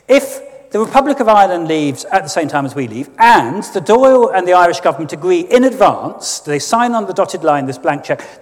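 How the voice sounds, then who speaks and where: A man delivers a sardonic, emphatic political speech. His voice sits high and swings widely in pitch. A long reverb from the church trails behind his words. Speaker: guest speaker.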